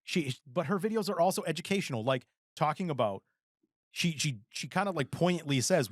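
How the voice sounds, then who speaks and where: A man in his forties, co-hosting a podcast, tells rambling, animated stories in a casual chat and acts out the quotes. His voice is a little high and brisk. It's a dry, studio-quality recording.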